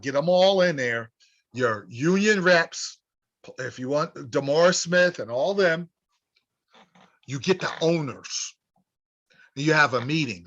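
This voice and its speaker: A man's voice: high voice, sharp tone, lo-fi sound. A man hosting a sports radio show, delivering an emphatic opinion monologue with repeated rallying phrases.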